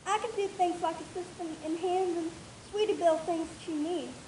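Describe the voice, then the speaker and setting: A woman's voice: fairly even intonation, normal speed, warm tone. A woman doing a scheming filly pony. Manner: high girlish voice, commanding and sinister. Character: young farm filly pony, scheming and menacing. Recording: distant echoey noisy home recording.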